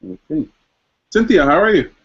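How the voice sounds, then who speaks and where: A man's voice: a little high, very animated, moderate pace, husky. A male host chatting casually and rambling with lots of fillers while setting up a live online show. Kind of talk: casual livestream chat. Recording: dull lo-fi stream audio.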